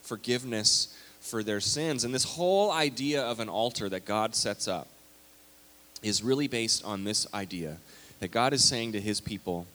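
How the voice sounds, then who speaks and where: A man's voice: lowish voice, expressive, normal speed, sharp tone. A man preaching a conversational, story-filled sermon as pastor of a church. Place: church sanctuary. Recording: long hall reverb.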